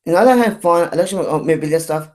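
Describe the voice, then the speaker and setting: A fed-up vlogger in his 20s delivers a ranting monologue that rambles and repeats itself, full of swearing and false starts. His voice is medium in pitch, expressive and darkish, and he talks fast.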